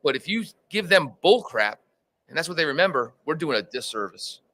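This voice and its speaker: A man's voice: on the high side, brisk, rough recording. A man who teaches in the fire service, telling stories in an interview and acting out the dialogue as he goes. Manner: animated storyteller, acts out dialogue. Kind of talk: conversational storytelling interview.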